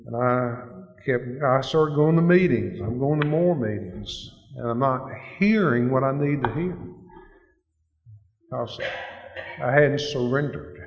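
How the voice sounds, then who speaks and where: A man's voice: medium pitch, animated, slow pace. A man giving an earnest, plain-spoken personal testimony at a recovery meeting. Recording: echoey hall, dull lo-fi sound.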